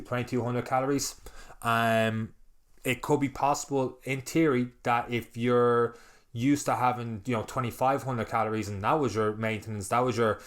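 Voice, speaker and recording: A man talking casually on a podcast, rambling and animated, acting out little quoted exchanges. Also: medium pitch. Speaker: podcast host.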